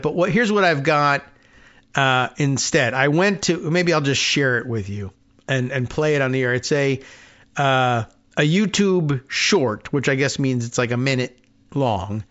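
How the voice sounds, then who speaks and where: A man's voice: a little high, a bit bright. A man hosting a talk radio show, rambling through a sardonic, digressive monologue. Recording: muffled lo-fi sound.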